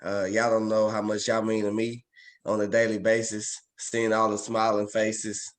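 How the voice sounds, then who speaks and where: A man on a video call, his voice low and flat. He speaks in a sincere, measured way. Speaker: call participant. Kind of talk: casual sharing.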